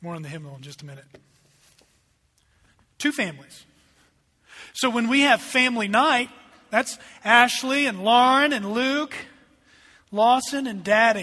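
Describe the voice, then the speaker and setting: A middle-aged male pastor preaching, his voice high and bright. He swings between forceful, emphatic lines and quiet, hushed asides. The sound carries a long reverb from a church sanctuary. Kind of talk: sermon.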